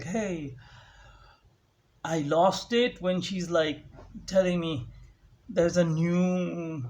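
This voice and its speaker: A young man ranting sarcastically at home into a phone, mimicking others with a raised voice. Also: on the high side. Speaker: vlogger. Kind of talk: casual ranting monologue. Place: home, indoors.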